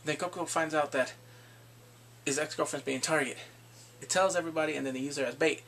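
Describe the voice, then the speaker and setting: A man giving a casual recap of drama episodes. He talks in an animated way, acts out the characters and laughs often. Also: on the high side, a little fast, a little hiss or hum. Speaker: drama reviewer.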